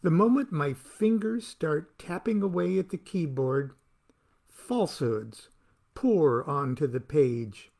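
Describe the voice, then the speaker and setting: Slow, gravelly man reading wry prose. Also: a little high, lively intonation, a little mellow. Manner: wry, theatrical delivery that plays to the listener. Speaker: author reading his own book. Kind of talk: reading aloud from his book.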